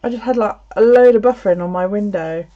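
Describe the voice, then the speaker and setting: A woman's voice: mid-range voice, quick pace. Chatty, swearing woman streamer. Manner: chatty storytelling, swears freely. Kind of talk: casual livestream chat. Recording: slightly dull lo-fi audio.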